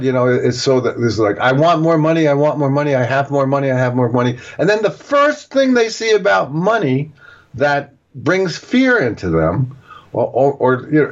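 A man being interviewed as an author, explaining at length and acting out little example quotes as he goes. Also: mid-range voice. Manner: digressive, explaining with acted-out examples. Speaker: author and guest. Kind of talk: casual interview talk. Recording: dull lo-fi audio.

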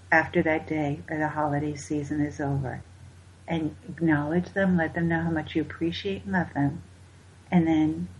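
A low, husky woman's voice, dulled by a lo-fi recording. She gives holiday lifestyle advice with emphasis and repeats her main points so they stick. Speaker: wellness host. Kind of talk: motivational holiday advice talk. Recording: dull lo-fi recording.

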